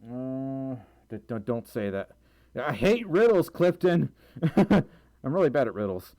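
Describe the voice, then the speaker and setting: A man's voice: mid-range voice, big pitch swings, measured pace, dark tone, no room sound, studio quality. A young man livestreaming, reading out donations and chat messages in a rambling way with lots of fillers, tired and sore-throated with a recurring cough. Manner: rambling, many fillers, stumbles over reading.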